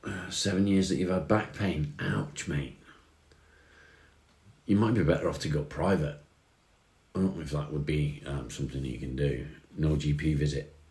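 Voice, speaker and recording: A man with a very deep, low voice chats casually on a livestream, reading comments and answering them in a relaxed, friendly way. The room around him sounds echoey. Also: moderate pace. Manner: relaxed, chatty, says mate often. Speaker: livestream host.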